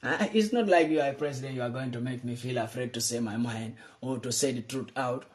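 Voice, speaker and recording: A man from Gambia, delivering an impassioned political address that swings between loud accusations and low, urgent pleading. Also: brisk. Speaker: political commentator.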